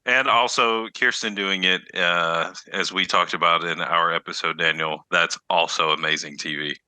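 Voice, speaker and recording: Low-voiced guy on a video call podcast, super crisp bright tone, teasing. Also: fairly even intonation, moderate pace, no room sound, rough recording. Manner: teasing, laughs a lot. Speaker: podcast co-host. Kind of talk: casual chat.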